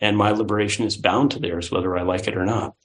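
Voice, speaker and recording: A man giving a Buddhist dharma talk in a conversational, animated way, with playful swoops of the voice. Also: on the low side, fast talker. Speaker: Buddhist teacher.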